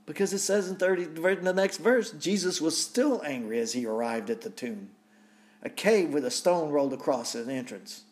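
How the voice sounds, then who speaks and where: A man's voice: on the high side, animated, normal speed. A man preaching a sermon, reading scripture aloud and reflecting on it with repeated rhetorical questions.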